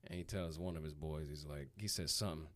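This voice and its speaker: A man's voice: rumbling low, fast talker. A man on a podcast casually telling a profane story, laughing and acting out the people in it. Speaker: podcast co-host.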